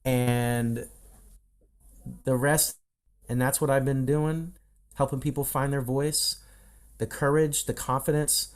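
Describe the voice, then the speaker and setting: Animated man telling a story on a video call. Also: medium pitch, slow, long pauses. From Midwestern United States. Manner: animated storyteller who acts out quoted dialogue. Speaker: podcast guest, voice coach. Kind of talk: casual storytelling in an interview.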